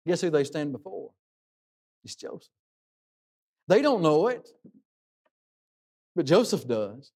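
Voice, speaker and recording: A man's voice: a little high, big pitch swings, slow, pauses often, darkish tone. A man preaching a sermon in an earnest way, asking rhetorical questions and dropping his voice for emphasis.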